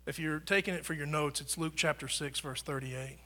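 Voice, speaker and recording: Bright-voiced pastor preaching. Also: male voice, fairly high pitch, steady tone, fairly quick. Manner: conversational preaching, rises and drops in volume for emphasis. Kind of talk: sermon. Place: church.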